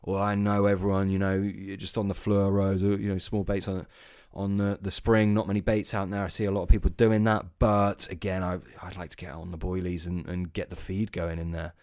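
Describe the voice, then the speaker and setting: A man's voice: sits low, little pitch movement, a little fast, few pauses, darkish tone, clear, resonant tone, no echo, studio quality. A man co-hosting a casual podcast, talking in a laid-back, rambling way with many ums. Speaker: podcast co-host.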